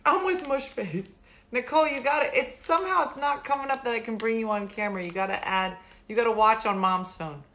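A woman's voice: a little high, a little fast, a bit bright. A middle-aged woman hosting a live stream, chatting casually, rambling and laughing often. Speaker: livestream host.

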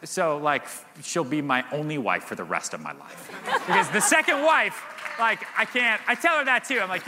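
Animated man telling stories on stage. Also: sits high, fairly quick, noisy background. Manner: animated storyteller, laughs often, many "like" fillers. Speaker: guest. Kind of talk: live Q&A storytelling. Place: event stage. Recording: reverberant hall.

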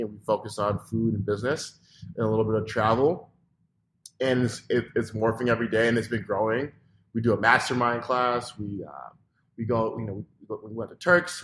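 Man, low voice, loose rambling chat, filler-heavy, faint room ambience. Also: a bit bright, slight background noise. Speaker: restaurant owner and podcast guest. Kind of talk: casual interview chat.

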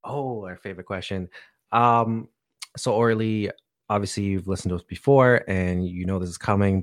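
A man's voice: low-pitched, no echo, studio quality. A man co-hosting a podcast, asking questions in a hesitant way with many fillers. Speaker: podcast co-host. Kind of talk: casual interview chat.

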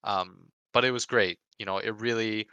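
A man telling a story about a tournament in casual podcast chat, animated and full of swearing. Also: lowish voice, moderate pace, clean tone, no room sound, lo-fi sound. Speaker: pro esports player recounting a tournament.

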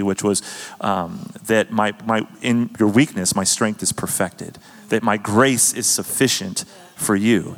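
A man's voice: lowish voice, a bit bright, long reverb tail. A man hosting a faith discussion, telling a personal testimony earnestly with many fillers. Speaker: host.

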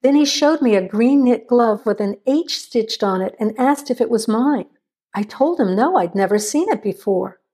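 A woman's voice: on the high side, expressive, moderate pace, dark tone, husky. A woman voicing an anxious young woman who pleads and gets defensive.

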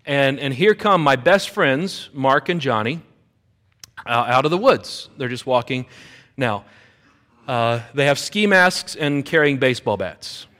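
Animated middle-aged male pastor telling a story. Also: mid-range voice, measured pace. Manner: animated storyteller, acts out quoted voices. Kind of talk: sermon with a personal story.

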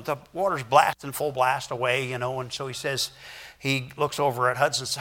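A man's voice: mid-range voice, brisk, fairly bright tone. An older man preaching a Sunday sermon as pastor, in a folksy, conversational way with many restarts. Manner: acts out children's voices in anecdotes.

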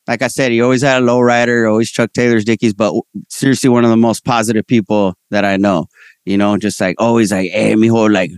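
A man talking as a comedian guest in a casual interview, telling stories in slangy, animated speech and voicing the people he quotes. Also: medium pitch, fast talker, clear, resonant tone, dry recording, studio quality.

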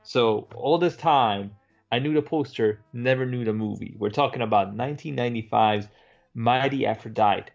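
A man's voice: mid-range voice, normal speed, gravelly, lo-fi sound, faint music behind. A man co-hosting a film podcast in casual discussion, bantering and swearing freely. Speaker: podcast co-host.

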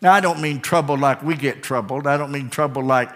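A man preaching a sermon as pastor, swinging between hushed, drawn-out lines and soaring, repeated phrases. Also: mid-range voice. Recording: long hall reverb.

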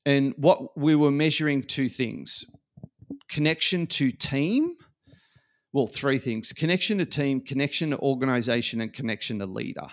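Animated man telling stories. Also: medium pitch, normal speed. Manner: animated storyteller acting out quotes. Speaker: guest. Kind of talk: casual podcast conversation.

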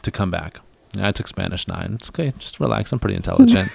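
A low-voiced man with a gravelly edge hosts a podcast in loose, joking chat. He teases his guest with deadpan wisecracks. The sound is dry and close to the mic. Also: fast talker, no room sound. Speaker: podcast host.

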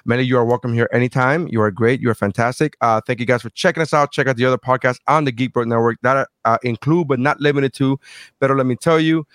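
A man hosting a casual podcast, telling stories profanely and loudly quoting himself. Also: mid-range voice, steady tone, fast talker, smooth, no echo. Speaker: podcast host.

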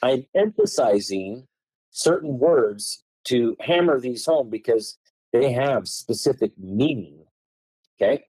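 A man explaining law on a podcast, reading passages aloud and hammering key words with swooping, lively pitch. His voice is dark and slightly husky, recorded dry and close. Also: slow, no room sound, rough recording. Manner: emphatic, stresses key words with tone changes; reads legal texts aloud in a lecturing way. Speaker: podcast guest.

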